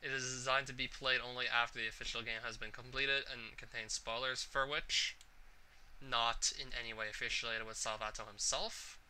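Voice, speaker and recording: A man casually commenting on a game and reading its text aloud, thinking out loud as he goes. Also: medium pitch, flat delivery, brisk, few pauses, slight background noise, poor audio. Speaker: let's player.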